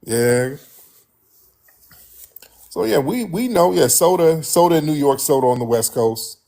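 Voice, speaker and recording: A man's voice: on the high side, lively intonation, unhurried, creaky, warm tone. Emphatic American man talking to viewers. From United States. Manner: emphatic and repetitive, calls viewers "family". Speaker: host. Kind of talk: casual commentary to viewers.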